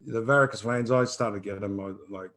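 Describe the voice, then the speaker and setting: A man's voice: lowish voice, a little fast, rough recording. A man around fifty, chatting casually and rambling animatedly as he answers listener questions in a live Q&A. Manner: rambling, animated, earthy wording.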